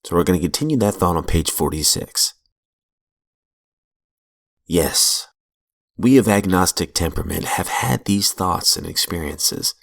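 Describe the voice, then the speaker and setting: A man with a very low voice and a gravelly edge reads a recovery text aloud. His delivery is measured and earnest, with brief asides, close to the mic in a small room. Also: lively intonation. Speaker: reader of recovery literature. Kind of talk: reading aloud from a book.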